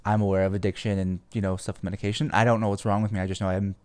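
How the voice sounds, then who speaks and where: Young male podcast host, low and smooth; casual, rambling, swears freely. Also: level tone, racing, a little mellow. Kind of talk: casual storytelling.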